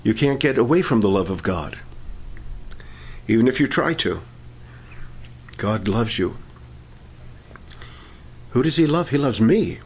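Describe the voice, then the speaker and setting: Slow, fervent male pastor. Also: mid-range voice, expressive, slight background noise. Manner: slow, fervent praise and gentle preaching. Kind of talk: sermon.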